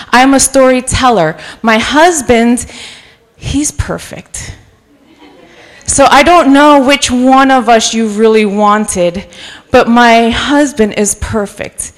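A woman in her forties from New York City with a mixed North Jersey accent, a guest preacher warming up the church with chatty jokes, stories and bits of Spanish. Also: on the high side. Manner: chatty and joking, mixing in Spanish phrases. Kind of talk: sermon with personal storytelling. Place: church sanctuary.

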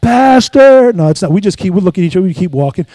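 A middle-aged pastor preaches in a high, light man's voice, pausing to draw amens from the congregation. The sound is close and dry, with no room echo. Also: warm tone. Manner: call-and-response preaching, asks congregation for amens. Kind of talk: sermon with personal stories.

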